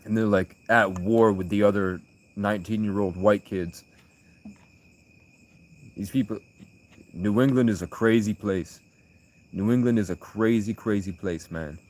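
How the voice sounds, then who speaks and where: An American man with a lowish voice chats on a late-night livestream at a measured pace with long pauses. He rambles through stories, reads out his chat, and breaks into loud bursts of laughter.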